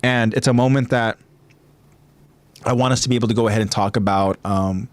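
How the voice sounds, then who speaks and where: A man's voice: mid-range voice, steady tone, brisk, no echo. A man hosting a podcast in casual chat, rambling with many fillers and restarts. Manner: rambling, filler-heavy, hesitant. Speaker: podcast host.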